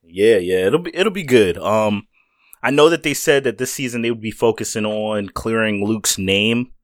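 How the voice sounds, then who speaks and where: A man's voice: lowish voice, normal speed, no echo, clean studio sound. A man co-hosting a casual podcast chat about TV shows, easygoing and agreeable with hesitant fillers. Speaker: podcast co-host.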